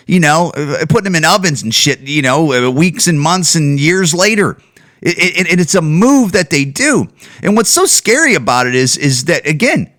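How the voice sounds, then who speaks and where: A man rants on his own podcast, talking into a home microphone. He swears often and keeps restarting his sentences. His voice sits slightly high and swings widely in pitch. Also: fairly bright tone. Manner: heated, profane, with many restarts and repeated words. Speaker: podcast host. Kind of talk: ranting solo podcast commentary.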